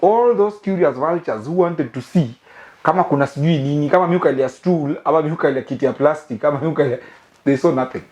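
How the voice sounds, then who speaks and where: A man's voice: fairly high pitch, a little fast, a little mellow. A young Kenyan man hosting a comic monologue, mixing English and Swahili slang and laughing often. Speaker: host. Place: living room of a new house.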